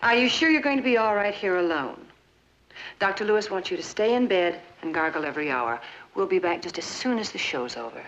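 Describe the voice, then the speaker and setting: A gentle caring mother. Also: lowish voice, lively intonation, fairly quick. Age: middle-aged. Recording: dull archival TV audio with music.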